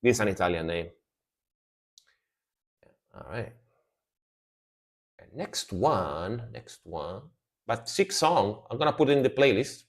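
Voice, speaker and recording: A man streaming live reactions to metal songs, talking casually and excitedly, swearing and slipping into joke impressions. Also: fairly low pitch, slow pace, pauses often.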